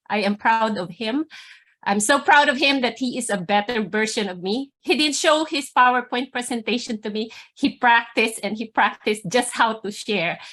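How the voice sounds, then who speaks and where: A woman's voice: a little high, sharp tone. A woman on a video call giving an emotional, proud tribute to a colleague. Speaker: meeting participant.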